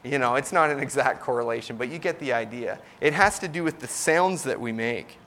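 A man's voice: medium pitch, a little fast, fairly bright tone. A man, likely in his thirties, preaching in a casual, conversational way, with frequent fillers and restarts as he explains a point. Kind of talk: casual sermon teaching.

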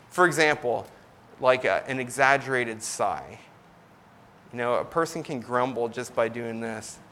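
A man's voice: mid-range voice, fairly bright tone, slight background noise. A man, likely in his thirties, preaching in a casual, conversational way, with frequent fillers and restarts as he explains a point. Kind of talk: casual sermon teaching.

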